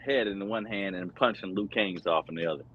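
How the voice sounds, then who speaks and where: A man's voice: sits low, fairly quick, a little hiss or hum. Brief: male streamer host, loose rambly chat, crude slang, muffled lo-fi call audio. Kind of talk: casual chat.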